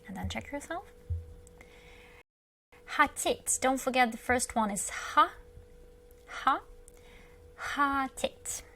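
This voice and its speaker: A woman with a Russian accent, teaching Russian to beginners, who patiently repeats each word slowly several times. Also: fairly high pitch, vocal fry, fairly bright tone. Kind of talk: slow beginner language lesson.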